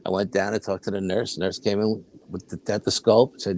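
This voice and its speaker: An older man, a guest, telling a personal story in a casual, animated way, often acting out other people's words. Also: on the low side, moderate pace. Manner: animated, acts out quoted voices, frequent laughs.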